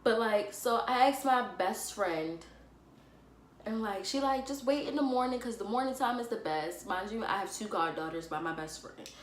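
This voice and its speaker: A young woman vlogger, telling a personal story in a casual, animated and dramatic way, full of fillers. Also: medium pitch, normal speed. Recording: echoey room with faint ambient noise.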